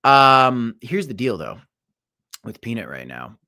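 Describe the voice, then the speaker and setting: Animated male crypto livestream host. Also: mid-range voice, slow pace, vocal fry. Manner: animated, rambling, jumps between loud and quiet. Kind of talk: casual livestream market chat.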